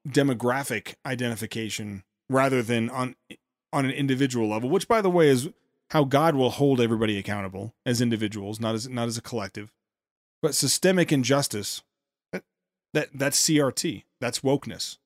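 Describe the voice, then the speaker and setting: A man hosting a podcast, giving sarcastic commentary on a played speech with quick asides and restarts. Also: mid-range voice, no echo, studio quality. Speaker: podcast host.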